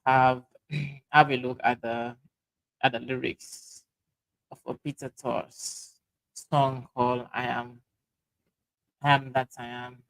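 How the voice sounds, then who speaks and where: A man with a Sierra Leonean Krio accent hosting a livestream, reading out viewer comments in halting speech full of fillers and restarts. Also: medium pitch, flat delivery, vocal fry, fairly bright tone, poor audio. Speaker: livestream host.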